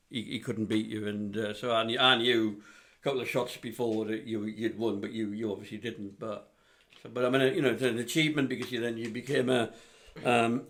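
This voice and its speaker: A man's voice: lowish voice, steady tone, brisk, fairly bright tone. A middle-aged man, co-hosting a casual podcast, hesitant with many ums and uhs. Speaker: co-host, father of the host.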